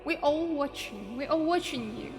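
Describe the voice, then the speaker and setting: Playful woman streamer with lively pitch. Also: moderate pace, creaky. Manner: playful, teasing, laughs often. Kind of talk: casual stream chat reading viewer messages. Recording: roomy reverb with music behind.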